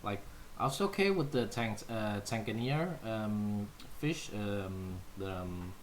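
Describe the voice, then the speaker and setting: A Danish man, Danish being his native tongue, hosts a livestream and chats casually with viewers, answering them playfully with plenty of fillers. His voice is lowish and slow, with slight background noise.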